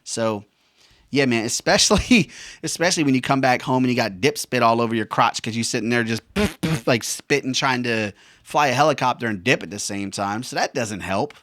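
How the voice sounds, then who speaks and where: A man's voice: mid-range voice, animated, moderate pace, fairly bright tone, no echo, studio quality. A man, a veteran and former helicopter pilot, rambling casually with slangy jokes. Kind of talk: casual monologue.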